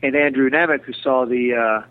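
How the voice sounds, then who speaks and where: A man's voice: mid-range voice, fairly even intonation, normal speed. A middle-aged man, a television director, giving chatty, digressive interview answers with a joking streak. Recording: tinny phone-line audio.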